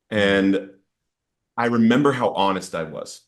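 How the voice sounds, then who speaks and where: Male guest, lower register, earnest testimony delivery, builds intensity when recounting outbursts. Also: moderate pace, a bit bright. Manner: earnest, storytelling with rising intensity in quoted outbursts. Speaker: podcast guest sharing recovery story. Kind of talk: emotional personal testimony.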